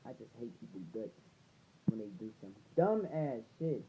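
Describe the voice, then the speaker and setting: A man's voice: mid-range voice, big pitch swings, moderate pace, dull audio, background noise. A young man vlogging a casual, rambling story, swearing freely and retelling it line by line. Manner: rambling, profane, retells with "I'm like".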